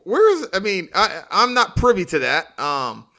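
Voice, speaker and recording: Lively, bright-voiced man joking along. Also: high voice, unhurried. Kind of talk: casual chat.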